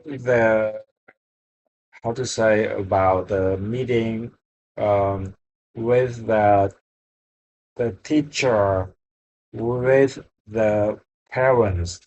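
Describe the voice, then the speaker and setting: A young man learning English, speaking haltingly and searching for words, often apologizing in a casual practice conversation. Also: lowish voice, steady tone, darkish tone, highs cut off.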